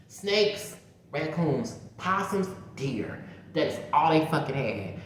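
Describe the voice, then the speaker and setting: A woman, a vlogger telling a story in a casual, animated, profane way, talking straight to her viewers. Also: deep voice, slow, a little hiss or hum. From Mississippi. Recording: very echoey room.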